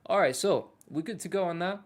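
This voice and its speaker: A man's voice: sits high, fairly quick. A man hosting a casual live walkthrough of an app, talking loosely with lots of fillers and restarts. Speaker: host.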